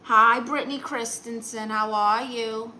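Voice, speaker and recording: A woman's voice: a little high, fairly even intonation, measured pace, sharp tone, poor audio. A woman comedian hosting a casual live stream, reading viewer comments in a sassy, teasing, chatty way. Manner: breaks into exaggerated put-on quote voices.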